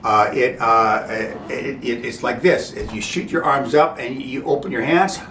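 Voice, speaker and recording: A man talks through breathing practice in a loose, halting way, restarting phrases and checking in with listeners. His voice sits in a middle register and sounds set back from the mic. The room is echoey, with a faint rumble underneath. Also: recorded from a distance. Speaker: breathing instructor. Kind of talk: informal spoken instruction.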